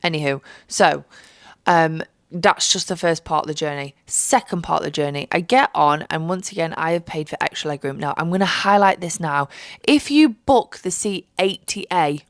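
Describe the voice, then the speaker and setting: Foul-mouthed young woman, gravelly voice. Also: sits low, normal speed, no echo, studio quality. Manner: animated, sweary storytelling with mocking voices. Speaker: vlogger. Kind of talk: storytime vlog.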